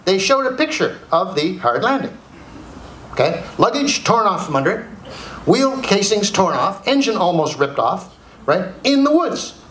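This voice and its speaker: Animated comic speaker in an echoey room. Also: male voice, high-pitched, normal speed. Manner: animated, audience questions, repeats key phrases. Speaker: comedic speaker. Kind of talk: comedic motivational talk. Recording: echoey room, faint noise.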